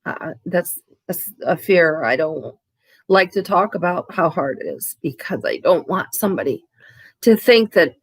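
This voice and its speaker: A woman vlogger speaking candidly and haltingly about her own recovery, with frequent restarts. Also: lowish voice, animated, husky, no room sound. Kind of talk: candid, emotional to-camera talk.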